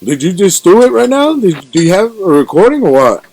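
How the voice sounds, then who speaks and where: A man's voice: sits high, sing-song, fairly quick, a little mellow. A man hosting a casual podcast interview, rambling and slangy, calling his guest bro and dude. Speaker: podcast host.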